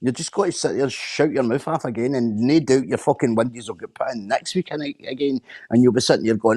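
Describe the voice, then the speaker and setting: A man's voice: mid-range voice, a little fast, hardly any pauses, darkish tone, husky. A Scottish man in casual chat on a stream, blunt, sweary and repeating himself as he rants.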